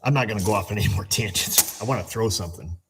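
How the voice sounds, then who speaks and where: A man who runs an auto repair shop tells a story in a casual, animated, exasperated way and swears as he rants. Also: lowish voice, fast, background noise. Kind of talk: casual shop vlog rant.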